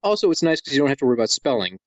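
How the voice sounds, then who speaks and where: A man from Wisconsin co-hosting a podcast in casual comedic chat, rambling and breaking into excited shouts. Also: mid-range voice, rapid-fire, dry recording, muffled recording. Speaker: podcast co-host.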